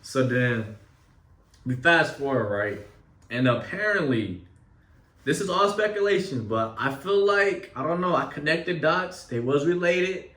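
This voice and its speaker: A young man tells a story in a loose, animated way, swearing often and leaning on street slang. He sits back from the mic, so his voice comes through distant. The room around him is echoey. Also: a little high, measured pace. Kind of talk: casual storytelling.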